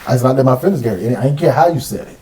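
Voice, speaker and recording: Male podcast co-host, blunt storyteller, quick delivery. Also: medium pitch, low-quality recording. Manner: blunt, animated storytelling with quoted dialogue. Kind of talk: casual chat.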